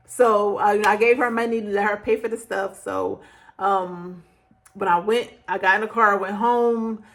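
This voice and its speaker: A middle-aged woman telling her own story to camera in a chatty, animated way, full of fillers and acted-out quotes. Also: medium pitch, moderate pace. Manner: chatty and animated, acts out quoted lines with laughter; conversational, frequent fillers like "like" and "child". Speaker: beauty vlogger.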